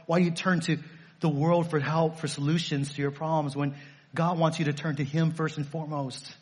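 A man's voice: on the high side, little pitch movement, a little fast, slightly rough. A male pastor preaching a sermon, emphatic and repetitive, firing off rhetorical questions.

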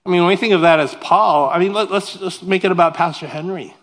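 A pastor delivers a sermon in a high-sitting voice at a fast clip. He reads scripture aloud, explains it, and livens things up with humorous, self-deprecating asides.

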